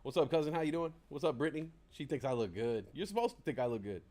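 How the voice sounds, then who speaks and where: A man's voice: fairly high pitch, expressive, fast, mellow. Rambling, chatty man hosting a livestream. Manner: rambling, self-deprecating, chatty. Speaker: livestream host. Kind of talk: casual livestream chat. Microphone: desk mic close up.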